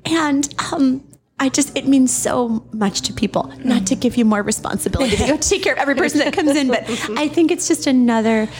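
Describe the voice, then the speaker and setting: A woman's voice: high-pitched, a little fast, darkish tone. A woman co-hosting a podcast, speaking with emotional, effusive praise. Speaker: podcast co-host. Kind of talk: casual conversation.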